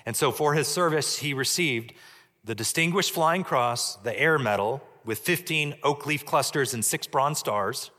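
A man preaching a sermon as pastor, measured, dropping low and soft on key points. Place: church sanctuary. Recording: long church reverb.

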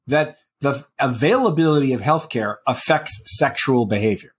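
A man's voice: medium pitch, normal speed, slightly rough. A man co-hosting a health policy talk show, arguing in a pointed, impassioned way. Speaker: podcast co-host. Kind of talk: casual policy discussion.

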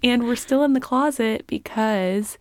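A woman co-hosting a podcast in casual chat, animated and laughing often, with the hiccups, recorded in a small closet. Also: on the high side, a little slow, no room sound. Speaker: podcast co-host.

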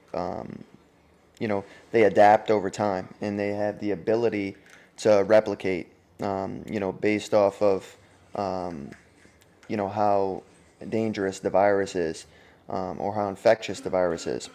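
A man's voice: fairly low pitch, steady tone, unhurried, darkish tone. An American man co-hosting a podcast, talking in a loose, rambling way with many fillers. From United States. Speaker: podcast co-host. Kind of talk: casual podcast chat, reading sponsor ads.

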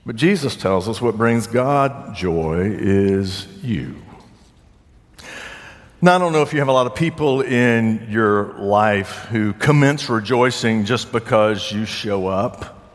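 A man from the southern United States preaching a sermon, measured and deliberate, slowing down for emphasis. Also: on the low side, lively intonation. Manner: measured, with slowed phrases and pauses. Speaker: pastor. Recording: long reverb of a sanctuary.

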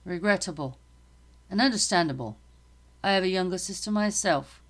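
A woman's voice: on the low side, animated, normal speed. A woman reading aloud, voicing a stern, formal male army captain in a storybook. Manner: formal, clipped, raised commanding voice. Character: stern male British army captain, middle-aged, commanding.

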